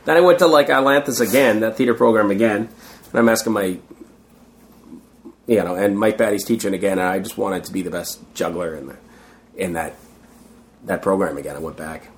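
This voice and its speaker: A man's voice: lowish voice, fairly quick, pauses often. A middle-aged man in a casual interview, telling rambling stories and acting out what others said. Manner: rambling, acts out quoted voices. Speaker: guest, street performer.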